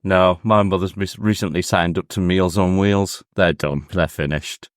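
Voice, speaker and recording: A man co-hosting a podcast, blunt and teasing, swearing casually in relaxed chat. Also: low voice, normal speed, dry recording, studio quality. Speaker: podcast co-host.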